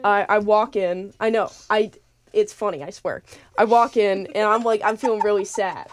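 A woman's voice: medium pitch, steady tone, normal speed, no room sound. A young woman hosting a late-night radio show, chatting casually and rambling with lots of fillers and restarts. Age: young adult.

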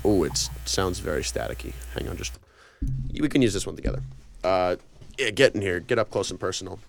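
In a small studio, a twentysomething man hosts a college radio show, rambling, apologizing casually and poking fun at himself. His deep, gravelly voice is animated and fairly quick, picked up by a studio microphone.

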